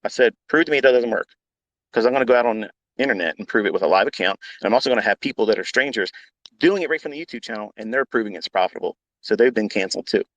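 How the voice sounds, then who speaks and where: A man's voice: fairly low pitch, lively intonation, rapid-fire, dry recording. A man who mentors traders, talking in a live audio room in a blunt, combative way, swearing often and repeating himself for emphasis. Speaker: trading mentor.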